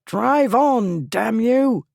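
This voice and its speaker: A woman voicing a pompous, middle-aged gentleman who shouts in shrill panic. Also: expressive, drawn-out words, creaky, dry recording, clean studio sound, heavily acted. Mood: panicked.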